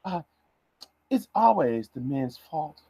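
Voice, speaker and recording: A man's voice: on the high side, sing-song, slow pace, dark tone, slightly rough, no room sound. A man ranting on a livestream, heated and stammering, repeating words as he goes. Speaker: vlogger.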